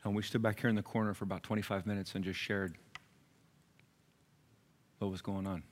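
A male pastor preaching a sermon in a church, earnest and personal, moving between raised emphasis and hushed, near-whispered passages. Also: lowish voice, flat delivery, fairly quick, slight background noise. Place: church sanctuary.

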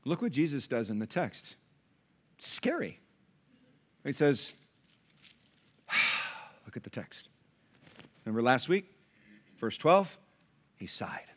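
A man preaching a sermon to a church congregation as pastor, animated, swinging between loud emphasis and hushed low passages. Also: slow, long pauses.

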